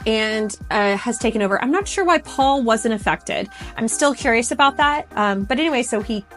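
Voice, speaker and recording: A woman's voice: fairly high pitch, animated, normal speed, a bit bright, faint music behind. A young woman, a vocal coach, chatting in a bubbly, rambling way with lots of "like" as she reacts to a musical. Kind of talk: casual reaction chat.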